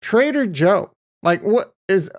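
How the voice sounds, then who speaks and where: A man with a slightly raised pitch talks through his crypto holdings in a loose, casual way. He drifts between low muttering and blunt, profane outbursts, swearing freely as he goes. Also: lively intonation, takes it slowly. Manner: swings from quiet muttering to heated ranting. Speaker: crypto YouTuber. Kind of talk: casual screen-share commentary.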